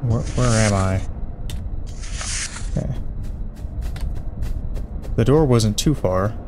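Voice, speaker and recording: A man swearing through a game, slow-talking. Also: fairly low pitch, background noise. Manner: profane, thinks aloud, jumpy when startled. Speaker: let's play commentator. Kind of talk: casual gameplay commentary. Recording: game music over voice.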